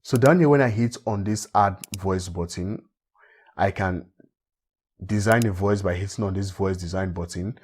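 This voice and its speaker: A man from Africa walking viewers step by step through a software tutorial, often repeating himself. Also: sits low, moderate pace, husky. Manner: steady step-by-step walkthrough, repeats phrases. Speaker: tech tutorial host. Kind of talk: screen-recorded software tutorial.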